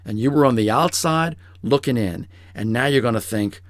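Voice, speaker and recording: A man's voice: normal speed, hardly any pauses, no room sound, studio quality. A man preaching a sermon in a conversational, storytelling way, now and then acting out quoted voices. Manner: storytelling, acts out quoted voices in a high pitch. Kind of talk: sermon-style teaching.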